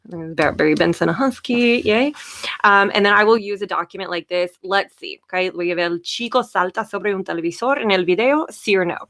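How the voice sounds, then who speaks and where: A woman teacher giving a casual, upbeat live software demo in a webinar, often saying "okay" and cheering small wins. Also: medium pitch, fairly quick, creaky. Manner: chatty, upbeat, frequent "okay" and "yay".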